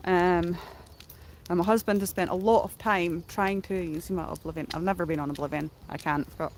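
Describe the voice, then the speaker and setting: A woman's voice: lowish voice, fairly even intonation, fairly quick, a little hiss or hum. A middle-aged woman, casually retelling a story on a livestream in a rambling way full of fillers, likes and ums. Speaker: streamer.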